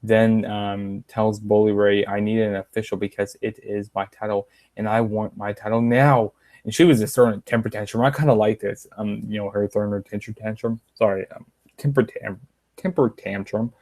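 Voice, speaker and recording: A man's voice: fairly low pitch, steady tone, moderate pace, a little mellow, no room sound. A young man casually reviewing a wrestling show, rambling with many fillers and retelling lines in a slightly raised voice.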